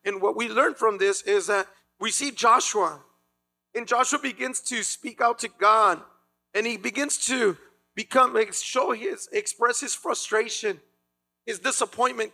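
High gravelly male preacher. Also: measured pace. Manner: dramatic, acts out biblical voices with shouts. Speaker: pastor. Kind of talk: sermon.

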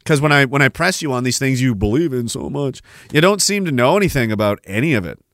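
Male podcast host, mid-pitch, ranting and swearing in a dry, close-miked recording. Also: fast, dry recording. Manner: profane, rambling, animated rant. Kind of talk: ranting monologue.

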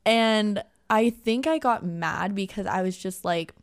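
A young woman co-hosting a podcast, telling a story in animated casual chat with many filler words. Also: medium pitch, a little slow, clear, resonant tone. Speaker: podcast co-host.

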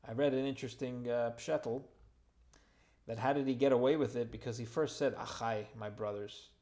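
A man's voice: mid-range voice, mellow. A man giving a verse-by-verse Torah lesson, reading Hebrew phrases and translating them with informal asides and light humor. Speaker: Torah teacher.

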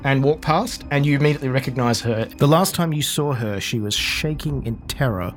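A man's voice: mid-range voice, fairly quick. Man narrating as game master.

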